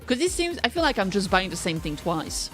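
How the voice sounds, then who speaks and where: A woman's voice: medium pitch, big pitch swings, a little fast, soft background music. A woman livestreaming a game, chatting with her viewers in a bubbly, playful and self-mocking way. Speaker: streamer. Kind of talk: casual gaming livestream chat.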